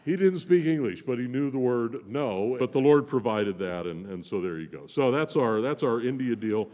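A man's voice: mid-range voice, expressive, moderate pace, darkish tone. A man giving a sermon as a visiting preacher, in a folksy, joking, conversational way. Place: church. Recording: long church reverb.

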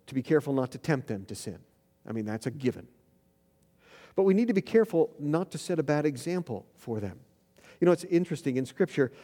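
A middle-aged man preaching a sermon as pastor, telling stories and rising in volume to stress his points. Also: fairly high pitch. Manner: storytelling, rising loud for emphasis. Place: church sanctuary. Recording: long hall reverb.

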